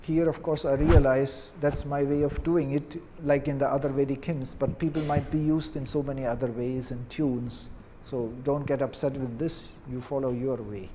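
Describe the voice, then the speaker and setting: Mellow-voiced male Vedic chant teacher. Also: mid-range voice, fairly even intonation, normal speed, a little hiss or hum. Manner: gentle and explanatory, with many "you see" asides. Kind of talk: explaining and leading chant.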